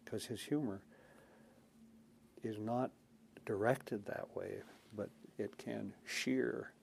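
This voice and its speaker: A man's voice: fairly low pitch, steady tone, slow pace, creaky, a little hiss or hum. An older man and former senator telling folksy, anecdotal stories in an oral history interview, chuckling and acting out quotes.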